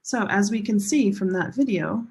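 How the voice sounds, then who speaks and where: A woman teaching English pronunciation, speaking slowly and deliberately and drawing out stressed syllables to demonstrate. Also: medium pitch, darkish tone, husky. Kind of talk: classroom teaching.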